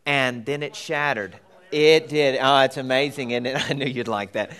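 A man's voice: mid-range voice, moderate pace, a bit bright, smooth. Middle-aged male preacher, casual storytelling sermon. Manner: conversational storytelling with laughs and acted-out voices.

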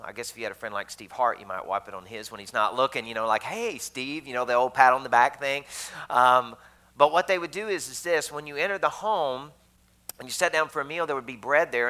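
A man's voice: medium pitch, pushed and bright, poor audio. A man preaching a sermon to a congregation in a church, talking to them conversationally with jokey asides. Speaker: pastor.

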